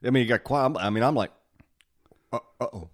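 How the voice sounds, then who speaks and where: A man hosting a podcast, a former fire officer telling old station stories in a lively way, acting out the quotes and laughing often. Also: medium pitch, rapid-fire. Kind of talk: casual storytelling chat.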